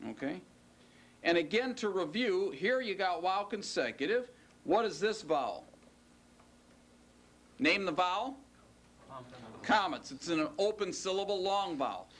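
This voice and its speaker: A man's voice: sits high, a bit bright, slight background noise. A man teaching a class and lecturing, quizzing students and stretching out the key words. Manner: questioning, drawn-out stressed words. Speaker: Hebrew teacher.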